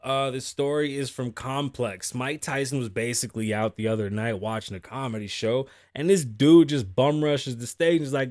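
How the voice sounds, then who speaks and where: A man's voice: mid-range voice, a little fast, a little mellow, dry recording. Young male host, casual profane commentary over read-out news, dry and close. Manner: blunt, profane, riffs on stories with acted quotes. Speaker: podcast host. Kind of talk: casual commentary, reading news stories aloud.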